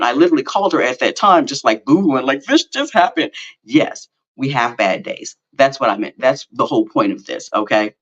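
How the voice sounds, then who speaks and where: Middle-aged man, podcast host, rambling casual storytelling, mid-pitched voice, slightly muffled lo-fi audio. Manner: rambling, with many fillers and self-corrections; animated, self-mocking storytelling.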